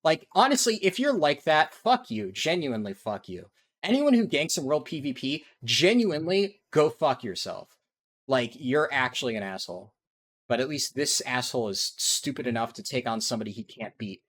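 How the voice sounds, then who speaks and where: A man gives ranting commentary over his speedrun gameplay, swearing constantly and sounding exasperated. His pitch moves a lot, and his voice sits at a middle pitch for a man. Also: expressive, normal speed, a bit bright. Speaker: speedrunner and video creator.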